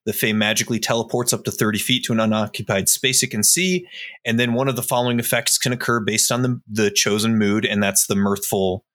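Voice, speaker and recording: A man's voice: fairly low pitch, fairly even intonation, fairly quick, a bit bright. A man playing a tabletop game, eagerly explaining his spell and its rules at length. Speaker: player. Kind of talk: casual tabletop game play.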